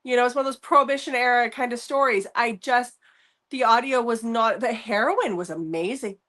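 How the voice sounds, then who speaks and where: A woman co-hosting a book review show, talking in an animated, rambling way and laughing often. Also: a little high, brisk. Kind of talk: casual chat.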